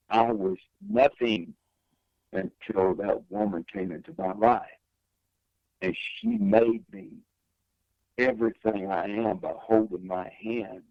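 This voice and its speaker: With a creaky voice, an older man who sings shares a personal story as an interview guest, delivering it as emphatic testimony full of big pitch swings. The recording is dry and sounds dull.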